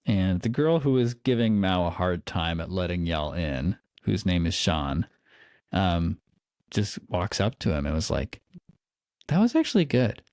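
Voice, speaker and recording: A man narrating as game master, in loose, easygoing speech full of fillers and quick asides. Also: sits low, darkish tone, dry recording, clean studio sound.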